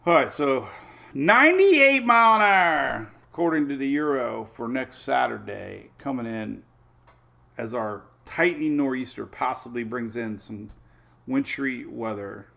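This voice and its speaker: A man hosting a casual live weather show, chatting in a rambling way with excitable asides while looking over the maps. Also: medium pitch, unhurried, vocal fry.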